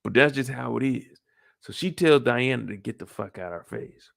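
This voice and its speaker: A man hosting a casual episode recap, animated and profane, firing off rhetorical questions. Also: mid-range voice, normal speed, gravelly, no room sound, clean studio sound. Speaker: show recap host.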